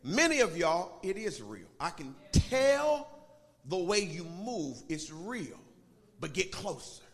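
A man preaching a sermon as pastor, leading his congregation in prayer and repeat-after-me confession with sing-song shouted swells. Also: high-pitched, very animated, slow, big-room sound. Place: church sanctuary.

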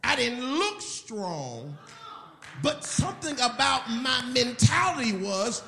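A middle-aged male pastor preaching in an echoey church, his voice high and bright with a gravelly edge. He delivers his sermon with emphatic, animated storytelling. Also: slow, a little hiss or hum.

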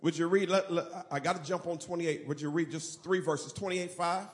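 A man preaching a sermon, leading call-and-response and rising to shouts. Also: fairly high pitch, fairly even intonation, brisk.

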